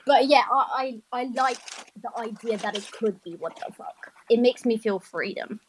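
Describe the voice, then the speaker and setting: Bubbly woman host, kinda high, giggles a lot, faint hiss behind. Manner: giggly, playful, quick reactions. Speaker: host of the community chat. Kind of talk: casual chat.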